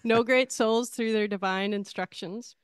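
A woman's voice: fairly high pitch, fairly even intonation, measured pace, smooth, dry recording. Woman reading takeaways in a dry voice. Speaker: podcast co-host.

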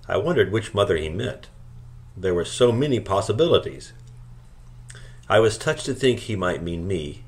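Low-voiced man reading a novel. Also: normal speed, long pauses. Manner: calm, steady storytelling. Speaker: audiobook reader. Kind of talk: scripted narration.

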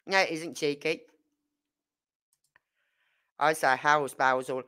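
A woman's voice: low voice, takes it slowly. A woman, chatting casually on a livestream and acting out the dialogue in her stories. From Birmingham, England. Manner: animated storyteller acting out dialogue. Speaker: livestream host. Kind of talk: casual live chat.

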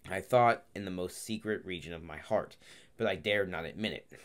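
A man reading an audiobook aloud, halting at times and correcting himself mid-phrase. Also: low-pitched, fairly bright tone. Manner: halting, frequent restarts and self-corrections. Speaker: audiobook reader. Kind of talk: audiobook narration.

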